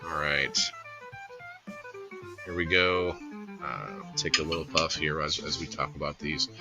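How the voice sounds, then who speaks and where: A man with a very low voice chats casually on a livestream. He rambles along in an easygoing way and greets his viewers by name. Guitar music plays clearly behind him. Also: steady tone, unhurried. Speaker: livestream host.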